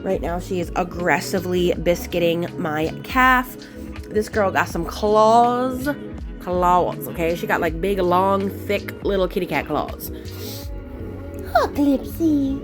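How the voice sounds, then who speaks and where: A woman's voice: a little slow, music in the background. A woman hosting a nail art channel, talking casually while she works, rambling along with fillers and repeating words for emphasis. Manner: talks to her cat in a high squeaky voice. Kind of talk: casual chatty tutorial narration.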